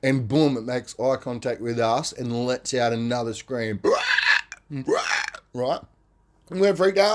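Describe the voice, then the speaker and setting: Man, podcast storyteller, casual animated telling, slangy, swears, fillers like "man" and "right?". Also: mid-range voice, normal speed.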